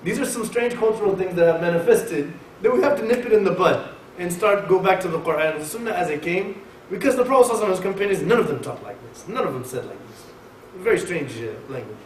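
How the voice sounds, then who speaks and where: A man giving a conversational sermon at a mosque, lecturing in an emphatic, animated way. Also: high voice, fast talker. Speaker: mosque speaker. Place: mosque hall. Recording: echoey hall, mic far off, faint hiss.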